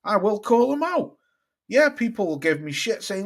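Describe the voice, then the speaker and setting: A man's voice: high voice, very animated, normal speed. A middle-aged British man hosting a boxing live stream, talking bluntly and swearing as he reads out viewer comments. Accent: British English. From United Kingdom. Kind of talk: casual live-stream chat reading comments.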